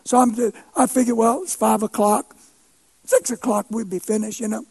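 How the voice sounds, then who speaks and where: A man with a strikingly high voice preaches a sermon through a story. He is animated and funny, and often swells into shouts to drive a point home. He pokes fun at himself as he goes. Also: normal speed, vocal fry, breathy edge. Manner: animated, shouts for emphasis, playful self-mocking humor.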